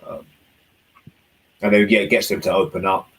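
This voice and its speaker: A man's voice: sits low, flat delivery, normal speed, fairly bright tone, slightly rough, rough recording. A young man chatting casually and laid-back, giving dating advice. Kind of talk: casual chat.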